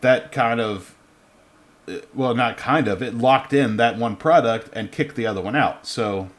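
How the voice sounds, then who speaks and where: A man's voice: medium pitch, unhurried. Rambling, laughing podcast co-host man. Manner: rambling, self-correcting, laughs often. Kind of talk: casual podcast chat.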